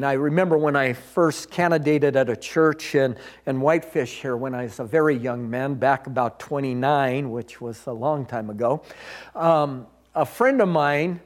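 Man, pastor, high voice, slow unhurried sermon delivery, storytelling tone, middle-aged. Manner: unhurried storytelling preaching with frequent restarts.

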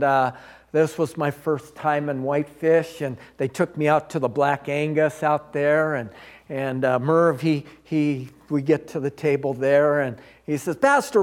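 A middle-aged man preaching a sermon as pastor, unhurried and storytelling, with frequent restarts. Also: on the high side.

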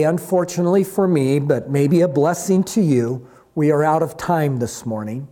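A man preaching a sermon, slow and emphatic, rising on key words and dropping low at the ends of phrases. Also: dark tone. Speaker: pastor.

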